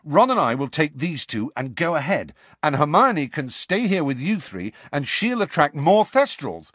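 A man's voice: fairly high pitch, very animated, normal speed, fairly bright tone, dry recording, pitched above the performer's own voice. Harry, a man voicing an impatient teenage hero. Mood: curt. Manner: curt, impatient, urgent.

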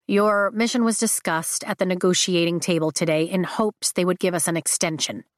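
A woman reading as a proud, careful older brother who chooses his words slowly. The voice sits low for a woman, in a close, dry recording. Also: fairly even intonation, dry recording, natural voice. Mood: measured.

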